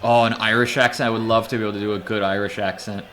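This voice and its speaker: A man streaming a video game, talking casually and rambling, then bursting into loud excited shouts during play. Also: lowish voice, quick pace, faint music behind. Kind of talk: casual live gameplay commentary.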